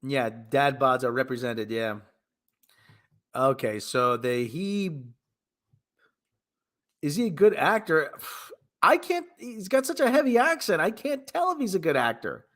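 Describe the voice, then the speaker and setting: A man's voice: a little high, big pitch swings, a little slow, long pauses, a bit bright. A man hosting his show, giving rambling, sarcastic, wisecracking commentary in a casual movie review. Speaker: host.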